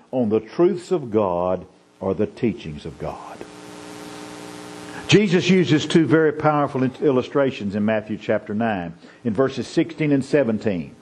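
A man's voice: mid-range voice, sing-song, measured pace, darkish tone, a little hiss or hum, rough recording. A male pastor delivering a sermon, folksy and storytelling, building to emphatic preaching.

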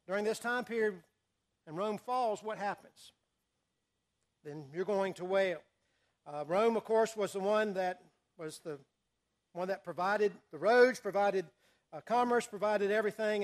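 A man teaching a Bible study, reading scripture aloud and quizzing his listeners with questions. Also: high-pitched. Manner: asks the audience questions and reads scripture aloud. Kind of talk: sermon-style Bible study.

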